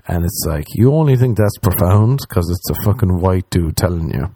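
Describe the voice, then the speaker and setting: A young man ranting casually and comically, swearing often and mocking other people with quick impressions. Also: sits low, animated, noisy background. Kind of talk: casual comedic rant.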